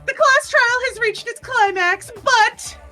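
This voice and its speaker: Woman doing a shrill gleeful villain host. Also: slow pace, loud music behind the voice. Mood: gleeful taunting. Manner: teasing, theatrical announcer delivery. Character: gleeful mocking villain running a deadly trial. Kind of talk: reading game dialogue aloud.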